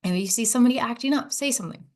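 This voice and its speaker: A woman hosting a solo podcast, talking casually and with lively feeling, dropping to hushed near-whispers and rising to excited high exclamations. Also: rapid-fire. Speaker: podcast host.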